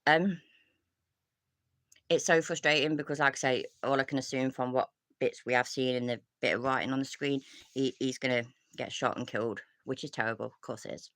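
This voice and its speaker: A woman's voice: a bass voice, fairly even intonation, fairly quick, a bit bright, dry recording. A woman, ranting casually as a commentary streamer, rambling with restarts, sighs and frequent swearing.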